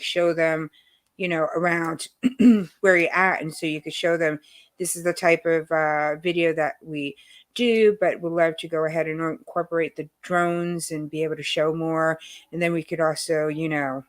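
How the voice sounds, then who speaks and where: A middle-aged woman from New York with a New York accent, hosting a casual chat over a video call and laughing often. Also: lowish voice. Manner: chatty and animated, laughs often. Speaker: host.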